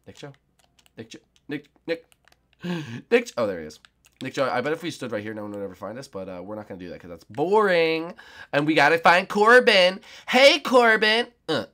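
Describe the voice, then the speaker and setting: A young man giving let's play commentary on a game, excitable and often shouting and squealing. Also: medium pitch, fast. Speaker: gaming YouTuber.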